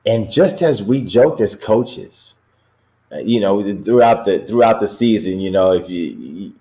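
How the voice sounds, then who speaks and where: A man's voice: fairly low pitch, animated, a little slow, dark tone. A middle-aged basketball coach, a man, telling stories in a casual chat and laughing often as he talks. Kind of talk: casual storytelling.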